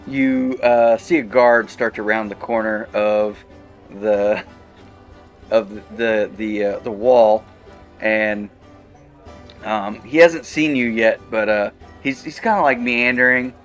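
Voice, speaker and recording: A male game master describes the scene at an unhurried pace. He stumbles through his sentences with fillers and small laughs, keeping an easygoing flow. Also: fairly low pitch, steady tone, soft background music. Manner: halting, with many fillers and light laughs. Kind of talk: narrating a tabletop game.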